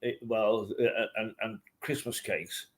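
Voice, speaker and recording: A man hosting a morning talk show from a hotel, rambling and halting with many fillers. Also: lowish voice, fairly even intonation. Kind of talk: casual chat. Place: hotel room.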